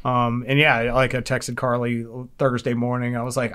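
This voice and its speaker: A man talks casually on a recovery podcast. His voice sits at an ordinary middle pitch. He rambles, swears freely and keeps restarting his sentences as he tells a long story. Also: brisk, hardly any pauses, fairly bright tone. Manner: rambling and profane, with many fillers and restarts. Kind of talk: casual chat.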